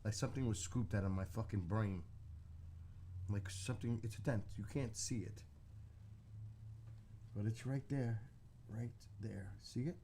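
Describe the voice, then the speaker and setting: A man with a somewhat low voice talks to his live stream chat from his living room. He tells a rambling story in a casual, blunt way and swears freely. The talk is loose and unscripted. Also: unhurried, long pauses, warm tone, slight background noise. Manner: profane, blunt, talking to chat.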